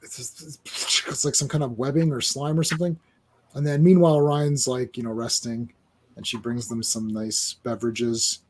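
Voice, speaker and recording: Husky man chatting animatedly about comics. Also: medium pitch, normal speed. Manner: animated, acts out comic dialogue in silly voices. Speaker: podcast host. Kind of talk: casual comic book chat.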